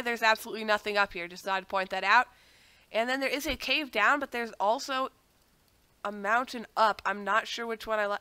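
With a cold, a young gaming channel host gives loose, rambling gameplay commentary, constantly drifting off into self-deprecating asides. Her mid-range voice sounds pushed and bright, with a clean tone and no echo.

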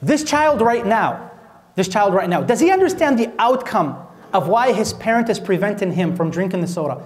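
A man from Minnesota delivers an Islamic talk in a high-pitched voice. He speaks conversationally, peppering listeners with rhetorical questions and light jokes. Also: a little fast. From Minnesota, USA. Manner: asks the audience rhetorical questions, animated and joking. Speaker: sheikh giving a lecture.

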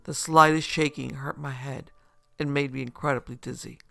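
A man narrating a first-person horror story in a steady, scripted telling. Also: medium pitch, moderate pace, vocal fry, no room sound.

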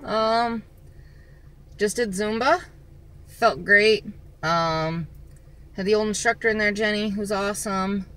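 A woman chatting casually in a vlog, rambling along with lots of filler pauses, filming herself on a phone outdoors. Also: medium pitch, a bit bright. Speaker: vlogger. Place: outdoors in the sun.

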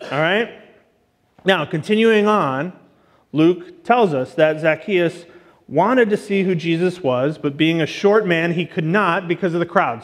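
A man giving a casual, chatty sermon as a guest teacher, full of asides and fillers. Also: fairly high pitch. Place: church auditorium. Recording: long church reverb.

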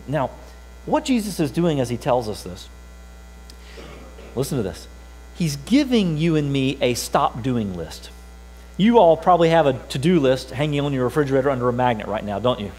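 A man's voice: fairly high pitch, a little mellow, poor audio. A pastor preaching a sermon in a church, emphatic and repeating his key phrases.

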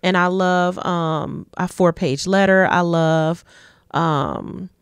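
A woman from Detroit, a guest in a casual interview, telling relaxed stories and laughing often. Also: fairly low pitch, slow, clear, resonant tone, no room sound, clean studio sound. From Detroit, USA. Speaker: guest, community advocate.

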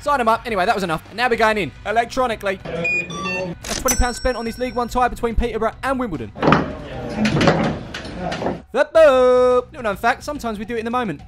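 A man's voice: very high-pitched, wildly swooping pitch, fast, pauses often. A man narrating his football trip as a vlog host, with dry, sarcastic asides. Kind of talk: jokey scripted voice-over narration. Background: background music.

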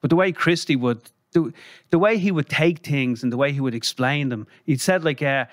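A man's voice: a little high, brisk, fairly bright tone, dry recording, clean studio sound. An Irish man, a guest on a casual interview, telling rambling anecdotes and acting out the people he quotes.

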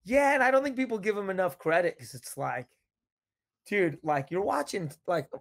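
A young man chatting casually as a podcast guest, telling lively stories and acting out quotes from others. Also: high-pitched, moderate pace, vocal fry. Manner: animated storyteller, quotes others in lively voices. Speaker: podcast guest, reality show contestant. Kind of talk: casual chat.

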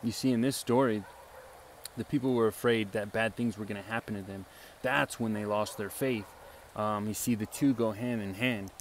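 A man's voice: fairly low pitch, steady tone, a little hiss or hum. Earnest rambling man preaching outdoors. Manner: rambling, halting, full of fillers and restarts; earnest, often tags lines with "right?". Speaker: self-styled preacher. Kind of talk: informal sermon to camera.

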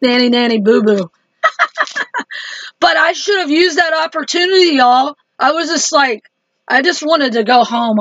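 A woman's voice: sits high, fairly bright tone, no echo, highs cut off. A woman chatting to her viewers in a casual religious video diary, laughing easily. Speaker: Christian vlogger.

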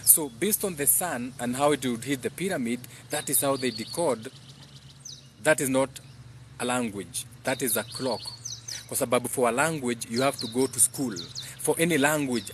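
A man's voice: mid-range voice, noisy background. A man hosting a live stream, preaching in a rambling monologue that hops between English and Swahili and reads out viewer comments. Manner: repeats phrases in chant-like bursts.

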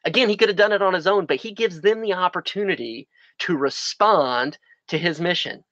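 A man's voice: high voice, brisk, fairly bright tone, dry recording. Earnest man preaching outdoors, dull lo-fi sound. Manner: earnest, repeats phrases for emphasis. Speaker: pastor. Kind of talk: sermon. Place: outdoors in the sun.

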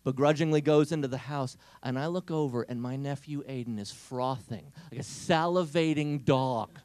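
A man giving a comic storytelling talk at a Catholic youth event, animated and acting out the characters' voices. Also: a little high, moderate pace, few pauses, dry recording.

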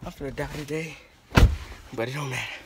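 A young man vlogging a prank, talking fast and nervously to his phone camera in slangy casual speech. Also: medium pitch, creaky, very noisy. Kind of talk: casual vlog talk to camera.

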